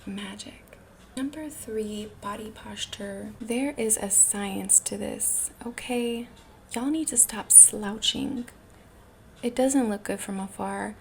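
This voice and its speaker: A woman delivering motivational self-help advice in a measured, unhurried way. Her voice often sinks into a breathy half-whisper, with a medium pitch for a woman and faint noise behind her. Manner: slow, deliberate, often breathy and near-whispered; demonstrates different ways of speaking.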